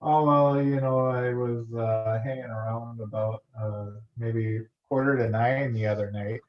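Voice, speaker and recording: A man's voice: mid-range voice, steady tone, a little slow, close to an everyday voice. A man doing a rambling, easygoing fellow. He wanders through his sentences and chuckles along. The sound is roomy and a little dull. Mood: folksy. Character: man putting on a folksy Canadian guy.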